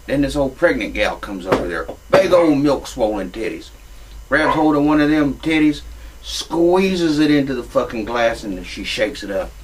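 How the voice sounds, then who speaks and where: A man's voice: medium pitch, big pitch swings, moderate pace, recorded from a distance, a little hiss or hum, low-quality recording. A man, telling a crude comic story in a profane, drawling redneck manner. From Louisiana.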